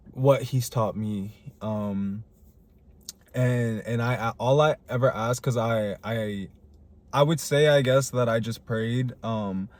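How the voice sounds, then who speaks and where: A man's voice: lowish voice, a little mellow. A young man rambling through a casual personal monologue to camera, full of fillers and restarts. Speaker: vlogger. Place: living in Chicago.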